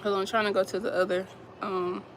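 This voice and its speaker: A woman's voice: mid-range voice, little pitch movement, fast talker, a little hiss or hum, poor audio. A woman vlogger, telling viewers about strangers asking her for help, emotional and rambling, repeating herself. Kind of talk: casual storytelling to viewers.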